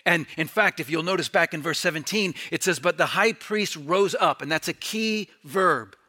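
A man's voice: a little high, normal speed, bright, forceful tone. A male pastor delivering a zealous, emphatic sermon. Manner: zealous, emphatic preaching with varied pace.

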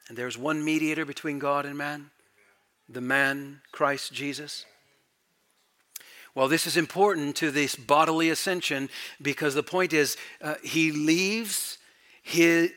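A middle-aged male pastor preaching verse by verse. His voice is bright and forceful and sits a little high for a man. He drives his points home by repeating them, then drops to a hushed aside. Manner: emphatic, repeats key phrases, swings between loud and hushed. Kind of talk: expository sermon.

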